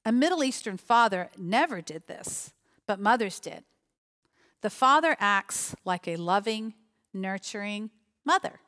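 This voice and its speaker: A woman's voice: mid-range voice, animated, measured pace, a bit bright. A woman giving a sermon, reading a parable aloud and reflecting on it with questions to her listeners. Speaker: preacher.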